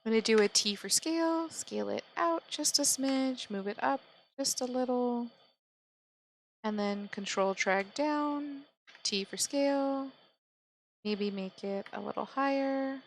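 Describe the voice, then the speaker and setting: Woman, software tutorial, gravelly, unhurried, calm step-by-step instructions. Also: high voice, slight background noise, poor audio. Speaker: 3D modeling tutor. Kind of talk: screen-recorded software tutorial narration.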